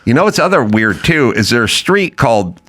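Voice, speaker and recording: Middle-aged guy ranting a funny story on his podcast, bright voice, pitch all over the place. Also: brisk. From Los Angeles. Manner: animated, incredulous, mimics people in voices. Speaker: podcast host. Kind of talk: comedic storytelling rant.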